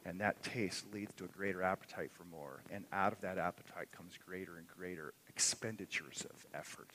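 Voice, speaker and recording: A man preaching a sermon in earnest, swelling loud on key phrases and then dropping soft. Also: sits low, moderate pace, a little hiss or hum. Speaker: pastor. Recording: long echo of a hall.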